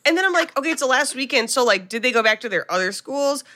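A woman's voice: high voice, fast talker. Laughing woman recapping a movie. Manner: animated, laughing retelling of scenes. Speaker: podcast co-host. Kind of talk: casual comedic movie recap.

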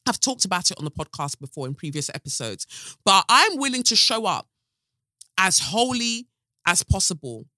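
A young woman holds forth on her own podcast with a bright, forceful tone, sarcastic and blunt, swearing without a second thought. She jumps from loud jabs to hushed asides. The sound is close and dry, with no room around it. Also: medium pitch, big pitch swings, normal speed, no room sound. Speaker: podcast host. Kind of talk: animated solo podcast rant.

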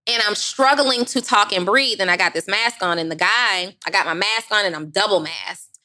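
A woman co-hosting a podcast, telling a story in casual chat, animated and laughing often, acting out other people's voices. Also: mid-range voice, normal speed. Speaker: podcast co-host.

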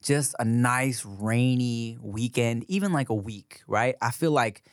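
A man's voice: medium pitch, a little slow, no echo, clean studio sound. A man from California co-hosting a podcast, joking and swearing in casual chat. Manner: animated, joking, profane. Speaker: podcast co-host.

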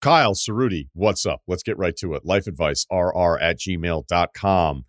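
A man with a low voice, speaking at normal speed in clean, echo-free studio quality, hosts a podcast advice segment. He reads listener letters aloud and answers candidly and jokingly, wandering into rambling asides.

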